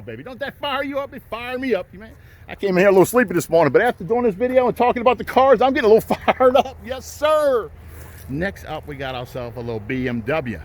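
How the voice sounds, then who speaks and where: A man selling used cars on an outdoor lot, talking folksy and hyping his deals to viewers as he walks from car to car. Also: mid-range voice. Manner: folksy, hypes deals, repeats "riding out" and "folks". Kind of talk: walk-around car sales pitch. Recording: faint outdoor noise.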